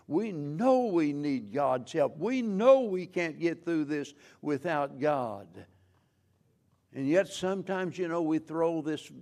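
A man preaching a sermon as pastor, slow and measured, with frequent restarts. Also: fairly high pitch, vocal fry, mellow.

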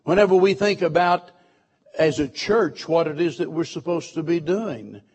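Guy preaching a sermon, kinda high voice, leans on the same words over and over. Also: normal speed, a little mellow, slightly rough. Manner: emphatic, repeats key phrases, asks the listeners questions.

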